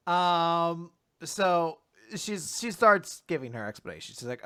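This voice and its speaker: A man's voice: a little high, sing-song, pushed and bright, clean tone. A young man co-hosting a casual manga recap, summarizing chapters and acting out the characters' lines. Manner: acts out characters' lines in quick voices while summarizing. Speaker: podcast co-host.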